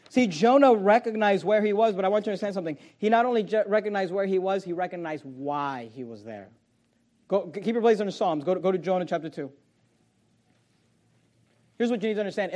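A man preaching a sermon as pastor, swinging from loud, stretched emphasis to hushed, low delivery.

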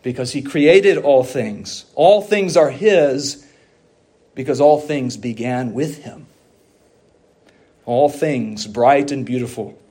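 A pastor preaching a sermon, in a measured, emphatic way with slow, stressed phrases. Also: male voice, mid-range voice, mellow, breathy edge.

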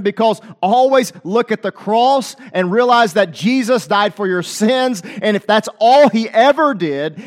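A man preaching a sermon with passion, talking straight to his listeners and acting out scripture voices. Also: sits high. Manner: impassioned, calls out to listeners, quotes scripture in dramatic voices.

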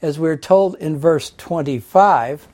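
A male preacher delivers a Bible-teaching sermon at an unhurried, deliberate pace. His voice is warm and mellow, never sharp. He reads scripture aloud and explains it point by point. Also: a little high.

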